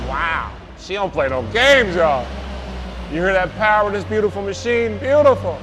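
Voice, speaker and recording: A man's voice: sits high, very animated, normal speed. A man demonstrating a forklift outdoors, exuberant and hyped, repeating his praise and whooping as he drives. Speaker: forklift salesman demonstrating a lift. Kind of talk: enthusiastic product demo. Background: faint outdoor and vehicle noise.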